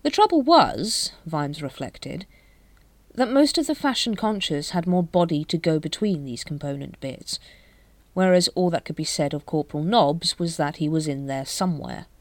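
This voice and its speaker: Low-pitched woman narrator, measured and dry, close mic. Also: no room sound. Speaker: audiobook narrator. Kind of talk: scripted narration.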